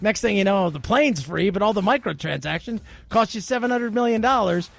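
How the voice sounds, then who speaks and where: A man's voice: high voice, animated, normal speed, vocal fry. A man hosting a talk radio show, joking and sarcastic in a rambling commentary.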